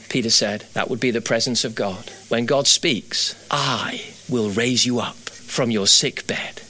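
A middle-aged man preaching a sermon. He builds to fervent, high exhortation, then drops to quiet storytelling.

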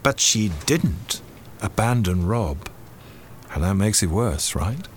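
An actor playing a priest who questions a suspect in a measured, probing, sardonic way. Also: male voice, fairly low pitch, big pitch swings, a little hiss or hum. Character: shrewd male priest interrogating a suspect. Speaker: priest investigator.

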